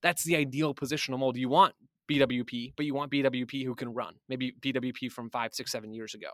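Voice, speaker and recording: A man's voice: mid-range voice, steady tone, fast talker, no room sound, studio quality. A man talking as a guest analyst on a podcast, thoughtful and speculative, often restarting his sentences.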